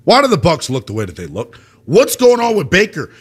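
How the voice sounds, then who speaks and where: A young male sports radio host with a lively, swooping delivery and a slightly high voice. He rants with slang and hands callers the floor quickly. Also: slightly rough. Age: young adult. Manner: animated, ranting, slangy. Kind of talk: call-in sports talk.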